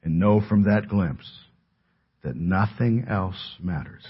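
A male pastor preaching a sermon in earnest, moving between raised emphasis and hushed pleading. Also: low-pitched, slow pace, slightly rough, highs cut off.

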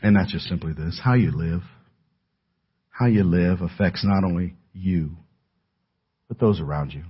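A man preaches with a low, husky voice, pressing his points hard and then dropping almost to a hush. The audio is dull and lo-fi, like a church sermon tape. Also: a little slow, pauses often. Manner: earnest preaching, swings from loud emphasis to near-hushed pleading. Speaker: pastor.

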